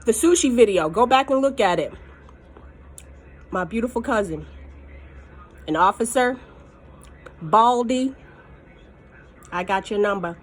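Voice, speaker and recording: A woman's voice: on the high side, lively intonation, a little slow, pauses often. A woman talks straight to her viewers in a heated personal vlog. She is furious and emphatic, hammering her points by repeating them. Her voice sounds close to tears throughout. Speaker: mukbang vlogger. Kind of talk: angry personal vlog rant.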